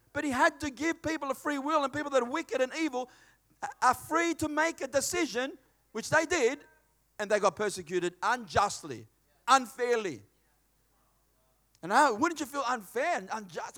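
A man's voice: very high voice, moderate pace. A middle-aged man preaching a sermon, telling stories with acted-out dialogue. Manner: animated storytelling, acts out dialogue in a hushed voice.

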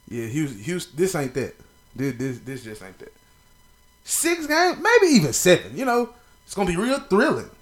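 A young man hosting a podcast, talking sports in a casual, profane, playful monologue full of shout-outs. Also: high-pitched. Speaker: podcast host.

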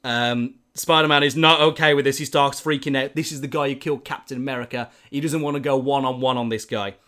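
A man's voice: mid-range voice, fairly even intonation, brisk, bright, forceful tone. A man animatedly telling a story in casual chat, with lots of filler words.

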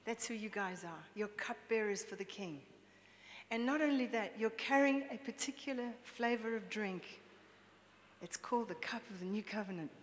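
A woman preacher giving a lively, chatty sermon, drawing the congregation in with questions. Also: a little high. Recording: long reverb with faint background noise.

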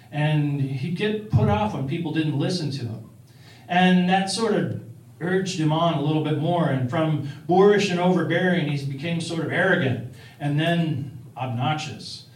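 A man telling a first-person story in a conversational way, with fillers and restarts. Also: fairly high pitch. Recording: roomy, distant-miked.

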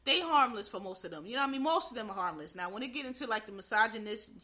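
A woman's voice: on the high side, expressive, rapid-fire, sharp tone. A woman from Philadelphia, ranting in a blunt, profane, heated way in casual commentary.

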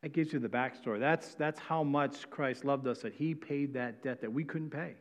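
A man's voice: medium pitch, normal speed. Man preaching in an echoey hall. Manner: reads scripture then explains with frequent "right?" tags. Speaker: pastor. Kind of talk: sermon. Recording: dull sound with long hall reverb.

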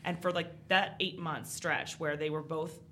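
Woman, thirties, podcast guest, candid storyteller, low-ish voice. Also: steady tone, normal speed, pushed and bright, a little hiss or hum. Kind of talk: casual podcast chat.

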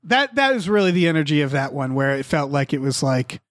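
High-voiced man chatting animatedly. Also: a little fast, no room sound, studio quality. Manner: animated, profane, acts out quotes. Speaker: podcast co-host. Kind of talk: casual chat.

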